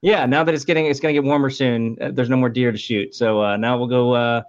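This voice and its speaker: A man who runs a hockey blog, guesting on a podcast, talking in rapid rambling bursts with many restarts. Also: medium pitch, steady tone, no echo, lo-fi sound. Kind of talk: casual interview chat.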